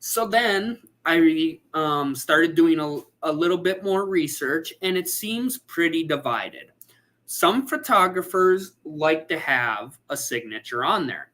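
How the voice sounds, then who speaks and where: Slow, bright-voiced livestream host. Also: medium pitch, expressive. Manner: chatty, reads out viewer comments. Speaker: photographer hosting a livestream. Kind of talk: casual livestream chat.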